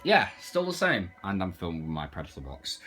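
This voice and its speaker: A man's voice: deep voice, wildly swooping pitch, a little fast, a bit bright, faint music behind. A man casually reviewing an action figure, chatting as he demonstrates its parts. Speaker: toy reviewer.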